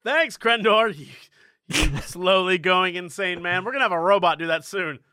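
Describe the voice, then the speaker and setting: A man hosting a comedy podcast, excitable and animated in casual chat. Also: high-pitched, moderate pace, background noise. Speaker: podcast co-host.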